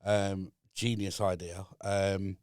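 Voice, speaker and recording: A man as a guest on a podcast in a studio, calmly explaining his business ideas with frequent fillers. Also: deep voice, smooth, dry recording. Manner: measured, explaining step by step with many fillers. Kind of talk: casual chat.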